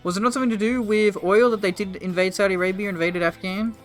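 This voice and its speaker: A man's voice: high voice, steady tone, quick pace, soft background music. A man in his twenties casually commenting on a strategy game during a live stream, rambling and swearing. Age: 20s. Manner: rambling, profane, joking with chat.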